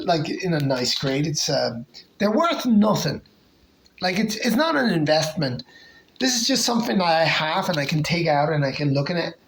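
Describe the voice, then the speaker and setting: A comic collector casually showing off favorite covers, talking hesitantly with lots of pauses and restarts. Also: mid-range voice, slight background noise, rough recording. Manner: hesitant, many fillers and restarts.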